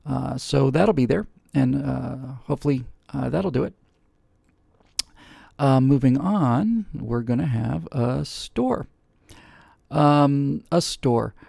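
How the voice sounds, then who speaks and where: A man's voice: mid-range voice, slow, vocal fry, dark tone, no echo, clean studio sound. A man hosting a live webcast, talking casually and rambling with many fillers and restarts. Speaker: host.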